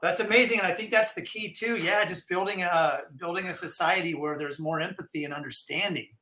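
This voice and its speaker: An enthusiastic man with a bright, higher voice chats on a podcast. He retells a scene with quoted lines, and his voice rings in an echoey room. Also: a little fast. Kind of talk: casual chat.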